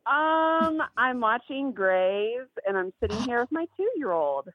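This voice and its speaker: A woman calling in to a podcast, excitable and emotional at speaking with the hosts. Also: on the high side, takes it slowly, no room sound, narrow, tinny audio. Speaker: caller. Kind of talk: excited phone-in chat.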